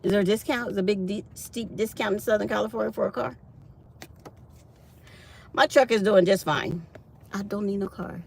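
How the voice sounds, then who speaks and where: A middle-aged woman vlogging a casual morning chat from her truck, telling stories in an animated, chatty way. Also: medium pitch, a little fast, creaky.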